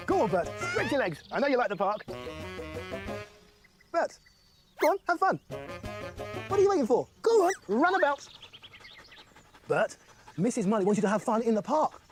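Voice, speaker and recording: A man's voice: extremely high pitch, big pitch swings, normal speed, long pauses. A man playing a cheerful, bumbling dog walker in a children's show, chatting away to his dog. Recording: voice over loud background music.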